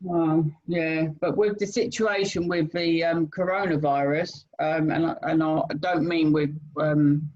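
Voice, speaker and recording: A British man co-hosting a casual chat show, hesitant, with many pauses and repeated words. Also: fairly high pitch, steady tone, darkish tone. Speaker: co-host. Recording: dull lo-fi sound.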